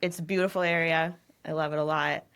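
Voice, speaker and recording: A woman's voice: deep voice, steady tone, fairly quick, fairly bright tone, clear, resonant tone. A woman in her thirties, a real estate agent from New England, chatting in a casual interview, rambling a little and laughing often.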